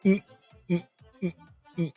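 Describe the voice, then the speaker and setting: A man hosts a tech show in a casual live-stream chat, joking loosely and using plenty of fillers. His voice is slow and dark-toned, with soft music behind it and no room sound.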